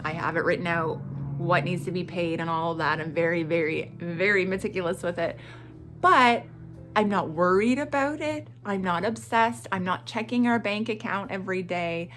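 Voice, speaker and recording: Middle-aged woman vlogger, chatty and animated, faint music under her voice. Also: on the low side. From Atlantic Canada. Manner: animated and chatty, with frequent laughs and self-talk asides. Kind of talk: chatty morning vlog.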